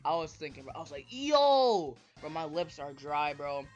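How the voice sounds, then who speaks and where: A man with a slightly high voice rambles through a casual rant, tagging lines with "bro" and "right?". The mic sounds dull and lo-fi. Faint music plays underneath. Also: little pitch movement, a little fast. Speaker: vlogger.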